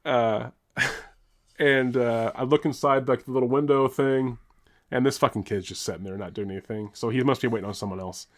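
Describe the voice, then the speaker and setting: A man's voice: mid-range voice, steady tone, moderate pace. A young man co-hosting a podcast, telling a long story in casual chat, rambling, restarting, swearing and laughing as he goes. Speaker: podcast co-host.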